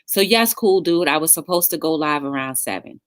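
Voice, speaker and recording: A woman's voice: low-pitched, expressive, moderate pace. A woman hosting a casual livestream talk show, chatting with viewers in the live chat and encouraging them.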